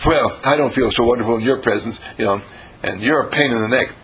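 A man's voice: mid-range voice, fast, fairly bright tone, slight background noise, lightly acted, rough recording. A man voicing a sour, grumpy old woman who makes blunt, grudging complaints.

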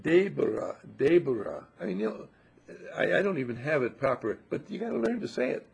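Gravelly, husky older man preaching. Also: on the high side, very animated, fairly quick. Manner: effusive and affectionate, swoops up on emphasis. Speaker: spiritual speaker. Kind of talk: inspirational talk to a gathering.

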